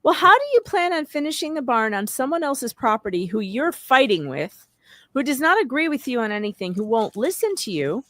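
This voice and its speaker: A woman's voice: high-pitched, big pitch swings, fairly quick, a bit bright, no room sound, clean studio sound. Indignant woman co-hosting a livestream. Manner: indignant, explaining with emphasis. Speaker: livestream co-host. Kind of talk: casual commentary chat.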